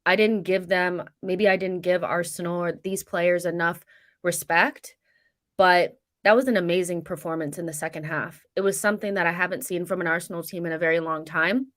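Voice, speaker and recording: A woman's voice: lowish voice, steady tone, fairly quick. A woman on a fan panel, talking frankly and at length about a football match. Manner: candid, talkative, frank. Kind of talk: casual match reaction.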